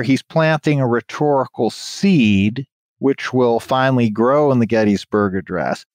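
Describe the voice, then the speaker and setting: A man lecturing on history, explaining court arguments in a measured, explanatory way. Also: medium pitch, darkish tone, no echo. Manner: measured, explanatory, reads historic quotations aloud.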